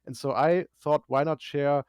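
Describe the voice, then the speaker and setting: A man's voice: fairly high pitch, fairly even intonation, moderate pace, a little mellow, smooth, dry recording. Dry-humored German man, guest on stream. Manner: explains at length, dry humor. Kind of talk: casual live-stream chat.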